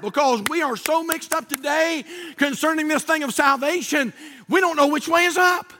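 A male pastor delivers a lively sermon in a very high voice. His tone is bright and ringing. He carries long anecdotes and climbs into shouted emphasis. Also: normal speed, slight background noise. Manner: animated storytelling preacher, shouting at peaks. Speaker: Baptist pastor.

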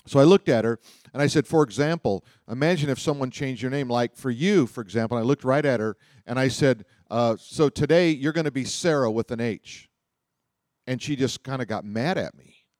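A man's voice: mid-range voice, darkish tone, no room sound, clean studio sound. A man preaching, telling personal stories in a loose, rambling way with frequent restarts. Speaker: pastor. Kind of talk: sermon storytelling.

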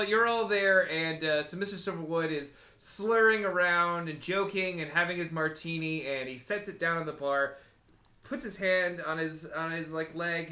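A man narrates a tabletop role-playing game as game master and halts often on fillers and restarts. His voice is slightly high and bright. The room around him echoes. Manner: halting, many fillers and restarts. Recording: roomy echo.

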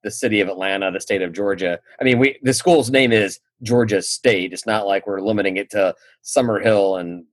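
Husky-voiced man hosting a podcast chat. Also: fairly low pitch, fairly quick, hardly any pauses, dry recording. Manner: laughs often, leads topics. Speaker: podcast host.

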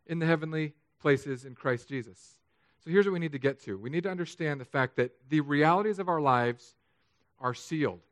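Self-deprecating pastor, quiet to emphatic. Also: male voice, fairly high pitch, moderate pace, no room sound. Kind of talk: sermon.

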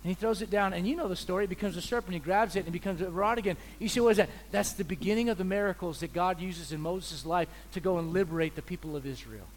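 Animated preacher guy, high voice, cracks jokes mid-sermon. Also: fast talker, few pauses, a little hiss or hum. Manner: animated, joking, acts out voices. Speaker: visiting preacher.

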